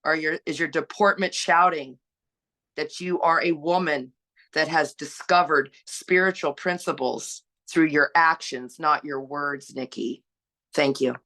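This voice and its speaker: A woman's voice: sits low, measured pace, sharp tone. A woman sharing her recovery story on a panel, earnest and exhorting, asking rhetorical questions. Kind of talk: personal sharing, preachy.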